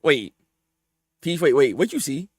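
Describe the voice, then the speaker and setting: A man streaming a live manga reaction, talking in loose, slangy bursts and laughing a lot. His voice sits high and leaps around wildly. The sound is dry and close, with no room around it. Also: unhurried, breathy edge, no echo. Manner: excitable, laughs often, jumps between mumbling and loud outbursts; casual slangy talk.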